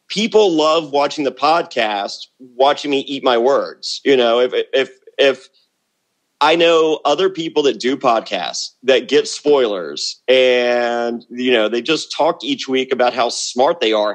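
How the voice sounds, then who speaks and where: A middle-aged man, a guest in a casual interview, telling brash, rambling stories full of restarts and quick asides. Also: mid-range voice. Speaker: guest, former reality show contestant.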